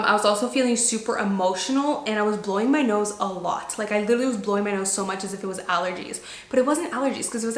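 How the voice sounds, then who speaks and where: A woman in her twenties telling a story to camera in a chatty, animated way, full of "like". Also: medium pitch. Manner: chatty, animated, heavy use of "like". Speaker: lifestyle vlogger. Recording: echoey room.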